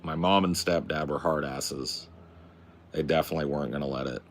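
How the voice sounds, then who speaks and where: A man's voice: very deep voice, fairly even intonation, a little fast, slight background noise. A young adult man from the Pacific Northwest, streaming and chatting casually with his viewers in a laid-back, slangy way that is full of swearing. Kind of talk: casual livestream chat.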